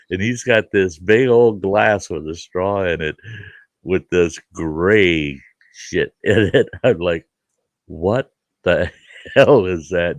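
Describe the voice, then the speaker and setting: A deep, gravelly man spins a folksy story in easy conversation, laughing along and acting out the voices of the people in it. His voice sits very low, and the sound is dry and close. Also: no echo. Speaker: show host. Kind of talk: casual storytelling chat.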